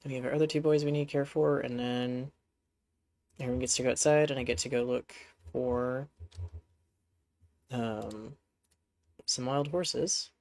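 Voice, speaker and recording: A man's voice: mid-range voice, steady tone, measured pace, creaky, long pauses, darkish tone. A man streaming a horse game, talking casually to his horses in a rambling, chatty way, with a congested voice. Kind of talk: casual gameplay commentary.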